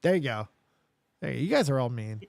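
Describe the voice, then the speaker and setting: A man's voice: medium pitch, big pitch swings, normal speed, creaky, a little mellow, no echo. A man hosting a podcast in casual chat, rambling, swearing and mocking himself. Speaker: podcast host.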